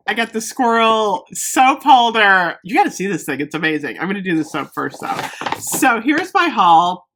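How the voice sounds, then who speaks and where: A woman vlogger chatting casually and excitedly as she shows off a shopping haul. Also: medium pitch, moderate pace, slight background noise. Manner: bubbly, excitable, gushing. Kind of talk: casual haul video chat.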